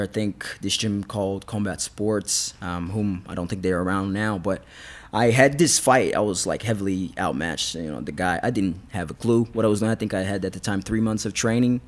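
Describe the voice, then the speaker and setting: A man, a fighter guest on a podcast, telling stories in a rambling, casual way with frequent restarts. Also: lowish voice. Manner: rambling, restarts, laughs often. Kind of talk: casual storytelling interview.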